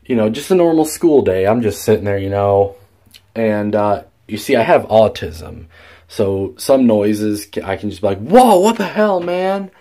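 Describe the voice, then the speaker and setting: Young guy vlogging, kinda low voice, rambles a lot with tons of ums and cusses. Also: normal speed, dark tone. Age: young adult. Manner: rambling, many fillers and restarts, swears freely. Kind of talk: casual storytelling vlog.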